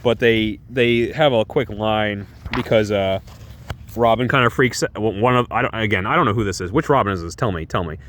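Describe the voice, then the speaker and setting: A man's voice: fairly low pitch, normal speed, fairly bright tone, slight background noise. A man giving a casual, rambling and enthusiastic comic book review.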